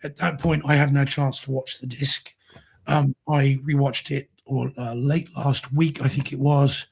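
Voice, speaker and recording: A man co-hosting a casual home theater chat show, his voice going hoarse, talking with enthusiasm about films and discs. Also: medium pitch, flat delivery, a little slow, darkish tone. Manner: enthusiastic, effusive. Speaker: co-host.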